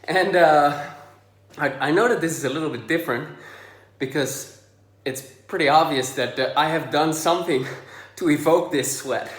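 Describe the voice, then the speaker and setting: A man coaching on camera about social anxiety, a little out of breath, talking in a relaxed, chatty way with many fillers and pauses. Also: fairly high pitch. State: slightly out of breath. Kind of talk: direct-to-camera video lesson. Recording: echoey room.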